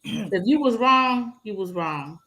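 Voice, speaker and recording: A woman's voice: a little high, animated, slow pace, fairly bright tone. A woman co-hosting a casual chat, blunt and outspoken. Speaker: podcast co-host.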